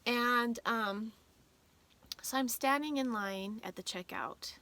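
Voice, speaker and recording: A woman vlogger shares a personal story in a loose, rambling way full of fillers, getting emotional and sometimes holding back tears. Her voice is fairly high, slow, bright, and forceful.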